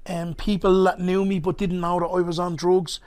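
A comedian from Ballymun, Dublin, Ireland, with a Dublin accent, tells stories as a podcast guest in conversational fashion. His high-pitched, slightly mellow voice keeps a level tone at a moderate pace as he rambles loosely with many asides.

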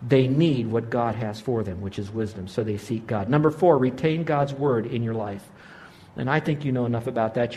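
A man's voice: mid-range voice, darkish tone. A man preaching a sermon, moving through numbered points to an emphatic call for prayer. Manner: rising to emphatic exhortation. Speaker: pastor.

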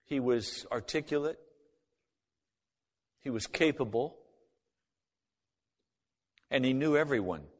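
Man, mid-pitched, storytelling testimony that acts out the dialogue, long hall reverb. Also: expressive, takes it slowly, pauses often. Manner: acts out both sides of remembered conversations. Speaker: speaker giving a personal testimony.

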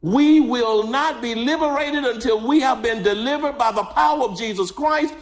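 A man preaching a sermon as pastor, fervent and repetitive, often shouting and crying out. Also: very high voice, fairly quick, few pauses. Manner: lists and repeats phrases rhythmically.

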